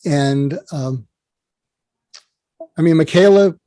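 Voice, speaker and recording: A man's voice: on the high side, slow pace, mellow, no room sound. A man who is a psychiatrist, talking as an interview guest and telling rambling stories with many restarts. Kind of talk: conversational interview storytelling.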